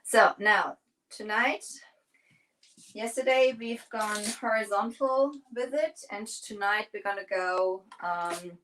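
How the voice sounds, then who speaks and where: A woman's voice: mid-range voice, slow, fairly bright tone, slight background noise, rough recording. A woman hosting a livestream, chatting casually and rambling with many fillers while she paints furniture.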